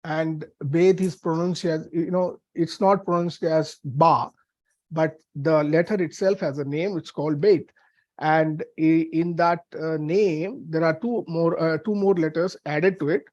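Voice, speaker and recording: A man from India, teaching a Bible lesson on Hebrew letters in a halting way with many fillers. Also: fairly high pitch, steady tone, darkish tone, no echo, lo-fi sound.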